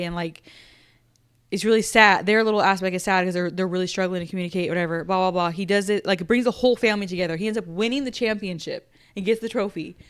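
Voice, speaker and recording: A woman's voice: mid-range voice, clean tone. A woman in her thirties co-hosting a casual podcast chat with her sister, rambling through stories with plenty of filler and laughing as she goes. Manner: rambling, gets emotional and laughs while retelling. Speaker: podcast co-host.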